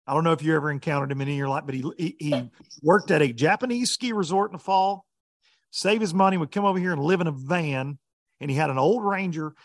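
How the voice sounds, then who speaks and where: A man, a professional bass angler, telling a story in casual chat with laughs along the way. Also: quick pace, dry recording, clean studio sound.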